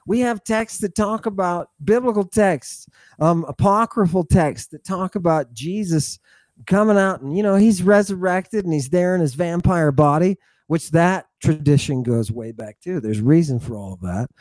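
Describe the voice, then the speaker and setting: A man's voice: high voice, moderate pace, a little mellow, no room sound, studio quality. A man speaking as a guest in a podcast interview, talking with heated conviction and checking in with a frequent "right?". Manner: impassioned, rhetorical, repeatedly adds "right?". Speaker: guest scholar.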